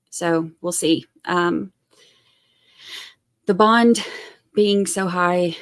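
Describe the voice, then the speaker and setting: A woman from Georgia, hosting a true crime live stream and chatting casually with viewers in a rambling way. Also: mid-range voice. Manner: chatty and rambling, full of fillers and asides.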